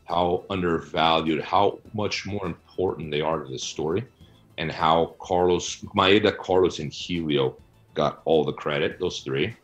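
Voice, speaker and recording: Very low male voice, blunt, argumentative, interview guest, faint music underneath. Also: unhurried, lo-fi sound. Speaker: guest, researcher and author. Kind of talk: conversational interview answers.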